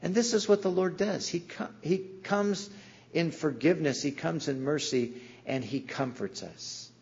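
A man's voice: on the high side, unhurried, darkish tone, husky, lo-fi sound. A man preaching a sermon in an earnest way, sometimes acting out the voices in the stories he tells. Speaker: pastor.

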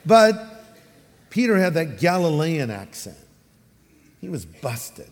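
A man with a Californian accent preaching a sermon as a pastor, animated and acting out the voices he quotes. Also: on the high side, takes it slowly, long reverb tail.

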